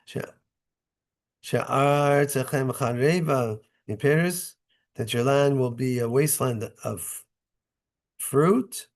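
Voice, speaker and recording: A rabbi leads a Torah study lesson, reading short Hebrew phrases from verses and translating them into English. His medium-pitched voice moves slowly with long pauses, and he keeps it conversational, checking in with "right?" and "okay?".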